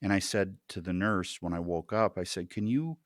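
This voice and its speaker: A man telling a deeply personal story as a podcast guest, earnest and halting, often repeating words as he restarts. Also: no room sound, clean studio sound.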